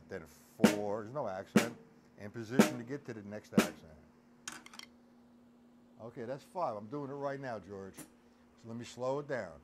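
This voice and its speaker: A man teaching a live drum lesson, counting beats aloud and chatting with viewers in the stream chat. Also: mid-range voice. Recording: loud drum kit playing behind voice.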